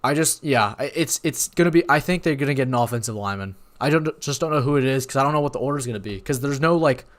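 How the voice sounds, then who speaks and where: Hosting a watch party on a live stream, a young man reacts excitedly and rambles as things unfold. He talks fast with few pauses, his voice at an everyday middle pitch, though he keeps stopping to apologize and correct himself.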